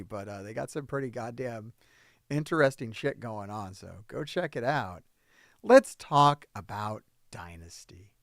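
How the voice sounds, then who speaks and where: A man from New Jersey hosting a casual wrestling review chat, profane and prone to loud ranting outbursts. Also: mid-range voice, no echo, clean studio sound. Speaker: podcast host.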